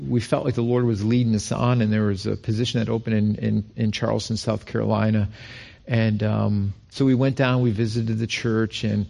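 A middle-aged male pastor from Rochester, New York, preaching a sermon and acting out quoted lines with rising pitch. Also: creaky, darkish tone.

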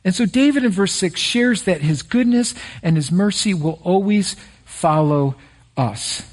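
A middle-aged male pastor preaching a sermon in a folksy, personal way, telling stories and slowing down to stress key phrases. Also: sits high, animated, darkish tone. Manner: folksy and personal, prays then tells stories.

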